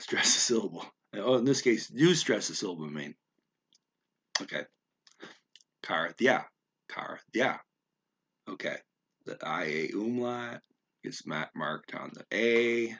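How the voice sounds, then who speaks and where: Guy explaining vocab, thinks out loud, says words over slowly, lots of ums. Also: lowish voice, animated. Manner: slow, halting, thinks aloud with many fillers and restarts; repeats words slowly to practice pronunciation. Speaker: language learner explaining vocabulary. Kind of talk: unscripted spoken lesson.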